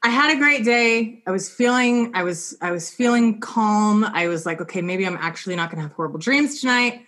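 A woman co-hosting a podcast, chatting casually and telling an animated story, laughing often as she talks. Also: medium pitch, brisk. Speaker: podcast co-host.

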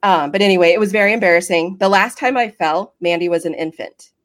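A woman in her fifties co-hosting a podcast, chatting in a relaxed, wry way. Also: lowish voice, fast. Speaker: podcast co-host. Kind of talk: casual podcast chat.

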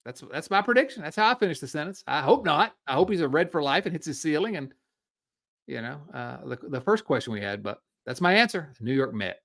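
A man in his forties from the Midwest, co-hosting a casual sports podcast, chatty and quick to laugh. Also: on the high side, very animated, fairly bright tone. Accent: Midwestern American. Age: 40s. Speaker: podcast co-host.

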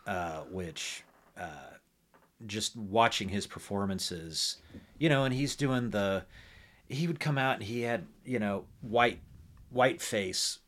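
A man hosting a podcast, talking casually and relaxed, often adding short affirmations. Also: on the low side, takes it slowly. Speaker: podcast host. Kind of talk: casual conversation.

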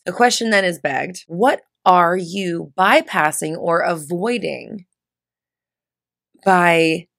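A woman's voice: on the low side, vocal fry, fairly bright tone, no echo, clean studio sound. A woman hosting a casual spiritual talk show, chatty and teasing, swearing casually, with sarcastic asides. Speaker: podcast host.

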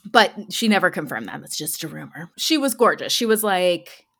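Chatty woman podcaster, lowish voice. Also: big pitch swings, normal speed, gravelly, a bit bright, breathy edge. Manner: chatty, lots of "like" fillers, laughs often. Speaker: podcast host telling a true-crime story. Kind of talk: casual storytelling chat.

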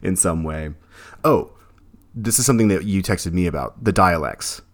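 Man, very low voice, casual rambling podcast co-host. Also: moderate pace. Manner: rambling, many fillers and restarts. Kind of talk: casual film discussion.

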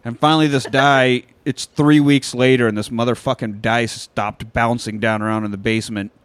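A man's voice: medium pitch, level tone, moderate pace, smooth, no room sound. A man casually recapping a film on a podcast, swearing freely and acting out scenes. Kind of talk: casual comedic recap with crude jokes.

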